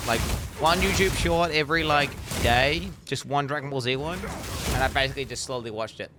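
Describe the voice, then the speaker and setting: A young man streaming a game, chatting casually with lots of swearing and sudden excited yells. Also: mid-range voice, normal speed, noisy background. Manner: profane, rambling, bursts into excited yells. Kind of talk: casual live-stream gaming chat.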